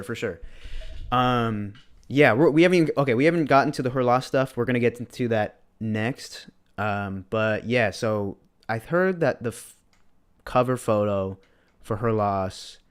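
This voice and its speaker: Laid-back young man co-hosting a stream. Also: mid-range voice. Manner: relaxed, laid-back slang, reads chat aloud. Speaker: podcast co-host. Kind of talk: casual livestream chat.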